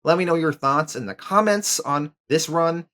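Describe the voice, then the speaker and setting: A man narrating a comic book story recap and then giving his review, in a casual, relaxed way with occasional filler words. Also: on the high side, moderate pace.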